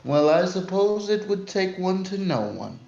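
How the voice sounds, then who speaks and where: A man voicing a polite, eerie faceless mannequin that speaks in a stiff, formal way. Each line is delivered calmly and sounds unsettling. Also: sits high, measured pace, creaky, faint music behind, pitched above the performer's own voice, heavily acted. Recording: roomy, dull-sounding mic.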